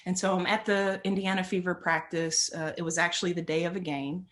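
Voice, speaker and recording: A woman's voice: lowish voice, level tone, brisk, fairly bright tone, slight background noise. A middle-aged woman telling a personal story as a motivational speaker, earnest and emphatic, often repeating phrases for weight.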